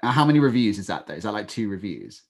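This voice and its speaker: A man co-hosting a podcast, talking things through in a measured, reasoning way with dry humor. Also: fairly low pitch, sing-song. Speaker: podcast co-host. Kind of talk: casual chat.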